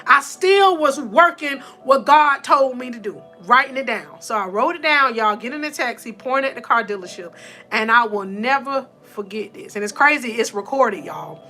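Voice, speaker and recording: Bright, high-voiced woman preaching to viewers. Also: lively intonation, normal speed, faint music behind. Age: adult with four sons. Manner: testimony storytelling, addresses viewers as y'all; emotional, laughs and tears up. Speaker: motivational livestream host. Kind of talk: faith-based motivational talk.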